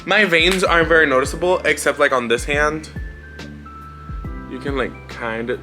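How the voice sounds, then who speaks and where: A man's voice: a little high, steady tone, normal speed, pushed and bright, faint music behind. A young man around twenty telling a personal story in a casual vlog, rambling and blunt with lots of swearing and filler words. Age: young adult, about 20. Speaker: vlogger. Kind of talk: casual storytelling life update.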